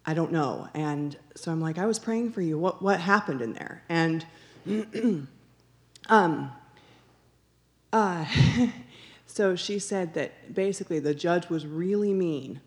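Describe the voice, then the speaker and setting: A woman's voice: fairly low pitch, takes it slowly. A woman sharing a personal testimony in an earnest storytelling manner, acting out the dialogue she recounts and repeating phrases for emphasis. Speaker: church member sharing a testimony.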